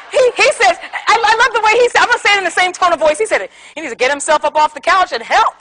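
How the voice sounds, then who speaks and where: A woman's voice: very high-pitched, expressive, fast talker, a bit bright, rough recording. A woman giving an interactive seminar talk on conflict resolution to a live audience. She tells stories animatedly, acts out quotes and asks the room questions.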